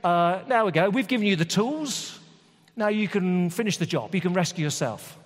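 Bloke doing a chirpy matey firefighter, high and loud, lots of hall echo. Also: male voice, expressive, moderate pace. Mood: cheery mocking. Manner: breezy, jokey, matey. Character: cheery chatty male firefighter. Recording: long hall reverb.

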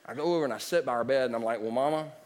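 A man preaching a sermon, moving between loud declarations and quiet storytelling. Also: medium pitch, rapid-fire. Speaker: pastor. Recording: long hall reverb.

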